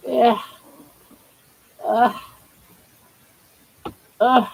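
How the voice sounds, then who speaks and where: Grandmother cooing slowly to her pet. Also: fairly high pitch, fairly even intonation, gravelly, slight background noise, poor audio. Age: older. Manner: cooing baby talk to a pet, musing aloud. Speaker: live stream host. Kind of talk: casual live-stream chat.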